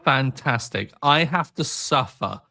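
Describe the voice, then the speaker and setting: A man's voice: mid-range voice, animated, slow, vocal fry, pushed and bright. A man in his thirties co-hosting a podcast, dry and sarcastic in casual chat. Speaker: podcast co-host.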